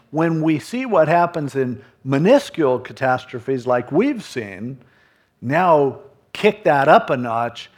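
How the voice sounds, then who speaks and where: A man preaching a sermon in a conversational, animated way, acting out what people might say. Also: medium pitch. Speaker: pastor.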